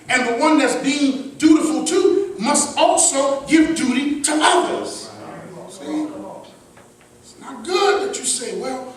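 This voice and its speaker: A man preaching a sermon as minister, shifting between loud emphatic lines and soft asides, with a crowd answering back. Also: extremely high pitch. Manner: preaching with sudden shouts and hushed asides. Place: large mosque hall. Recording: echoey hall, mic at a distance. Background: responsive crowd.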